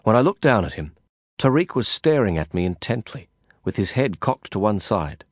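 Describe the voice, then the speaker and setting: A man narrating a first-person novel in a measured, reflective storytelling manner. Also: lowish voice, very animated, no room sound, clean studio sound. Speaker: audiobook narrator.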